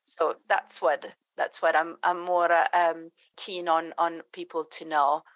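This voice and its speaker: A woman's voice: deep voice, little pitch movement, measured pace, no echo. Earnest woman dog trainer, dry sound. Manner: earnest, many restarts, acts out quoted voices. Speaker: dog trainer and behaviourist guest. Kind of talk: interview answers.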